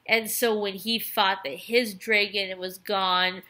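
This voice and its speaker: A woman's voice: mid-range voice, fairly even intonation, slow, pushed and bright. A tipsy woman vlogger rambling and gushing through a casual episode review, with restarts and trailing asides. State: tipsy from wine.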